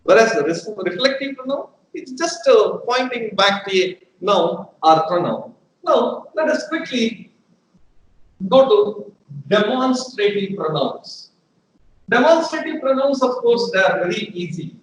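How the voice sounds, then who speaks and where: A man teaching a grammar lesson, deliberate and repeating his examples for emphasis. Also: high voice, very animated. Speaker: English teacher. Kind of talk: live educational lecture. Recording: roomy echo with faint room hum.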